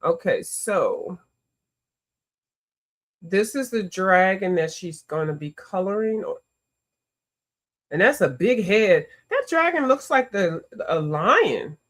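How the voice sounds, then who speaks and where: A woman chats through a coloring livestream, talking to her viewers as she works. Her voice sits mid-range, and she reacts to the artwork with lively exclamations. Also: mid-range voice, takes it slowly, long pauses. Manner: chatty and animated, greets viewers, often exclaims. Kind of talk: casual livestream chat.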